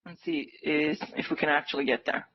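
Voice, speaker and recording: A woman's voice: deep voice, brisk, dull audio. A woman hosting a live day-trading stream, calling out price targets and eagerly urging the market on. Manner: excitable, cheering the market on, pleading. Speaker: day-trading livestream host.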